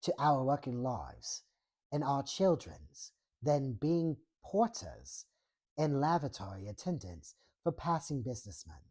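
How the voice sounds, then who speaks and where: A woman voicing an earnest British community planner in a put-on British accent, speaking slowly and deliberately. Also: a bass voice, sing-song, darkish tone, breathy edge, heavily acted. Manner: slow, deliberate, measured delivery.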